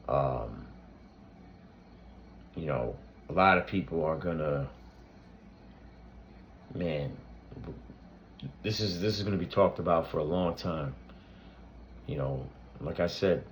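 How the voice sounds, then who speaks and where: Deep-voiced and informal, a man speaks to camera on his own reaction channel in a casual tribute. He keeps stopping and restarting, with many fillers. Slight background noise can be heard.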